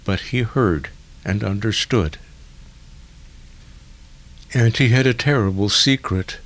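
A man narrating a literary story in a measured, deliberate way. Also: fairly low pitch. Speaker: audiobook narrator.

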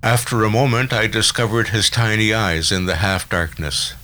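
A man reading a novel aloud as audiobook narrator, in a measured literary manner. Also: fairly low pitch, pushed and bright, poor audio.

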